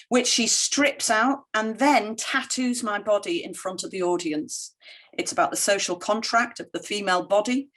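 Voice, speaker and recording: A middle-aged woman giving a conference keynote with slides, telling stories in an animated way and quoting others in lively voices. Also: mid-range voice. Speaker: keynote speaker.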